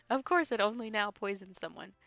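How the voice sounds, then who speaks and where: Bright, lively woman teasing through a game. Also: medium pitch, gravelly. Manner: laughing often, teasing and sarcastic. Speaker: streamer. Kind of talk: casual gameplay commentary. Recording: dull lo-fi stream audio with faint game music.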